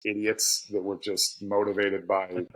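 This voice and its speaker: Pittsburgh guy, kinda low voice, rambling, laughing a lot in a podcast chat. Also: flat delivery, unhurried, rough recording. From Pittsburgh, USA. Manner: candid, rambling, laughs often. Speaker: guest author and tradesman. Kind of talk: casual podcast conversation.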